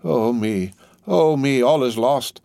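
Man putting on a distraught older woman, raised pitch, wailing, fretful, dry close sound. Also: slow pace, gravelly, warm tone, no room sound. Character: anxious devoted older woman, a loyal companion.

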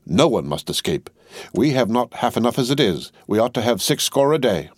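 A man doing a croaking, cruel juryman. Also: medium pitch, sing-song, moderate pace, no room sound, clean studio sound, voice pushed up. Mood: relishing.

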